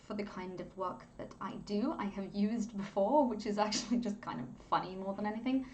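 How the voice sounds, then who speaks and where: A young woman talks through an editing tutorial from home in a loose, rambling way. She is chatty and breaks into laughter often, with a voice of middling pitch. A faint noise sits behind her. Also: fairly quick. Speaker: content creator teaching video editing. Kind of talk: casual screen-recording tutorial.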